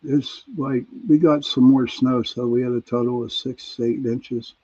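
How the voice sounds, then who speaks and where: A man's voice: mid-range voice, fairly even intonation, a little slow, warm tone. A man with a Pittsburgh accent hosting a casual radio chat show, reading out listener answers in an easygoing way. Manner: reads out listener messages, chuckling, easygoing. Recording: dull lo-fi sound.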